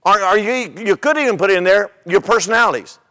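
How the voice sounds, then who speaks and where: Older male pastor, high voice, loose conversational sermon delivery with stories. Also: brisk, sharp tone, in a large hall. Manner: conversational, repeats words, tells humorous stories.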